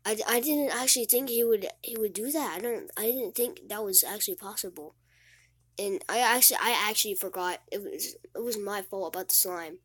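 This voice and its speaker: A teenage girl talks straight to the camera in a halting, rambling way, stumbling over and repeating her words. She sounds sad and close to tears. Her voice sits at an ordinary pitch and is recorded close and dry, with no room sound. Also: breathy edge, dry recording. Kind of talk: casual vlog monologue.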